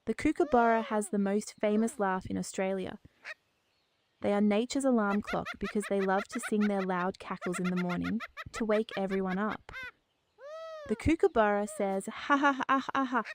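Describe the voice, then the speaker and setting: A woman narrates a scripted animal lesson for toddlers. Her voice sits at a middle pitch, cheerful and sing-song, and she repeats each word slowly so little ones can copy it. A faint hiss runs under the recording. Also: a little mellow. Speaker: children's video narrator.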